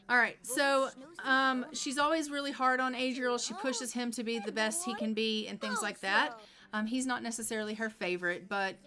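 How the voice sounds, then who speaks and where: A woman streamer narrating a life-simulation game casually, chatty with many fillers. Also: a little high.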